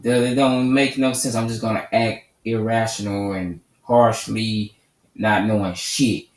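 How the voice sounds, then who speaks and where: Combative channel host, profane and preachy, sounds off-mic in an echoey room. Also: male voice, fairly low pitch, steady tone, measured pace. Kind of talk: angry commentary rant. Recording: roomy echo, mic at a distance.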